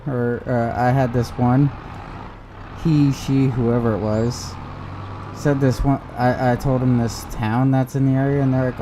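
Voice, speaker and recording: A man talks casually on a game stream, rambling through his stories. His voice is mellow and warm, and a faint hum sits behind him. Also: medium pitch, steady tone, moderate pace. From United States. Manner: rambling storyteller who acts out quoted voices.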